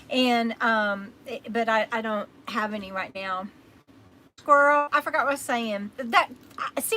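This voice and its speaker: A woman's voice: a little high, bright, forceful tone, rough recording. A woman with a Texas accent, tired and getting over an illness, chatting rambly on her live stream and thanking viewers by name. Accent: Texan. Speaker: livestream host. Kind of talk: casual live-stream chat.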